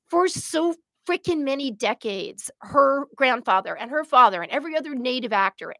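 A middle-aged woman co-hosting a casual chat, telling an emotional story in an animated way. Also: sits high, dry recording, studio quality. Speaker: podcast co-host.

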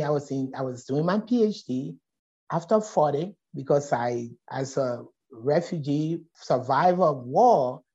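A middle-aged woman from Liberia with a Liberian accent, a poet telling a story as a guest in a conversation and acting out the voices in it. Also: sits low. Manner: animated, acts out voices in her stories. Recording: dull lo-fi audio.

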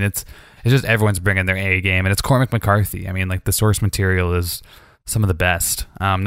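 A man's voice: low voice, smooth, no room sound, studio quality. A man on a podcast, casually ranking his favorite films with hesitant fillers. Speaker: podcast co-host. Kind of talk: casual film discussion.

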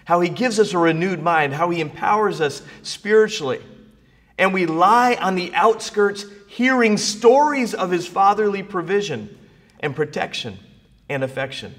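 A man's voice: a little high, lively intonation, measured pace, a bit bright, long reverb tail. A man preaching a sermon, building emphasis through repeated phrases. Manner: preaching with rising emphasis and repetition. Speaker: pastor.

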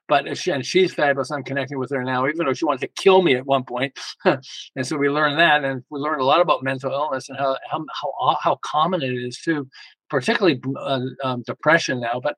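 A man's voice: a little high, dry recording, rough recording. An older man, a podcast guest, telling casual family stories and acting out bits of dialogue with a chuckle. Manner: animated, acts out family dialogue, chuckles often. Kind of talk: casual interview storytelling.

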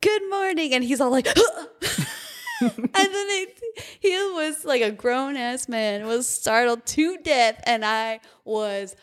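Young woman, former barista, casual chat; upbeat storyteller who laughs a lot, slightly high voice. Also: big pitch swings, slow pace. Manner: bubbly, laughs often, acts out customers. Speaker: former coffee shop barista.

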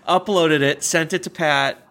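A man's voice: fairly high pitch, fairly even intonation, takes it slowly, pushed and bright. A young man, hosting a casual podcast and rambling through stories with frequent restarts and laughs. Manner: rambling, self-correcting, laughs often. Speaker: podcast host. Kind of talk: casual chat.

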